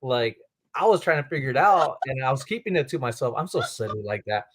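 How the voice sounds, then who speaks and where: A man's voice: medium pitch, expressive, fairly quick. A man hosting a casual livestream chat, friendly and thanking viewers between stories.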